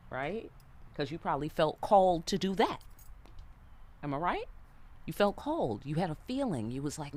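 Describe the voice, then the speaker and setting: A woman giving a tarot reading in a loose, animated way, cursing freely and checking in with her listener often. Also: deep voice, moderate pace, pauses often. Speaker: tarot reader. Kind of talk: casual spoken tarot reading.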